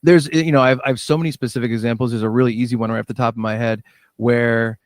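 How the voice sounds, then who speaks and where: A man, a musician and director, telling lively stories in a casual interview and acting out what people said. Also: mid-range voice, fast, no echo, clean studio sound. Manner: animated storyteller, acts out quoted dialogue.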